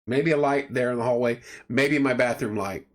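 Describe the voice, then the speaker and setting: A man's voice: medium pitch, moderate pace. A man hosting a casual home livestream, rambling through stories and greeting viewers by name. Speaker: livestream host. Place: home room at night.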